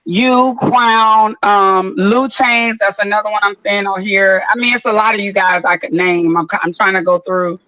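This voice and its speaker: A woman's voice: medium pitch, steady tone, sharp tone, rough recording. Effusive, profane woman. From Atlanta, USA. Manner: effusive, profane, drawn-out words. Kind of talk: casual chat on an audio chat room.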